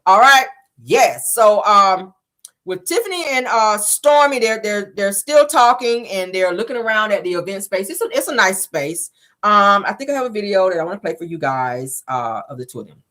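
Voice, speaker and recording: A woman hosting a casual commentary show, talking in a sassy, animated way and laughing often. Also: mid-range voice, moderate pace. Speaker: host reviewing a reality show.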